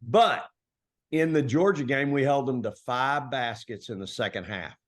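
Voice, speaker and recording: A middle-aged man from Texas, a basketball coach telling stories in a relaxed, folksy interview style full of colloquial turns. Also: medium pitch, normal speed. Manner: folksy, animated storytelling with Southern colloquialisms. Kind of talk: conversational storytelling interview.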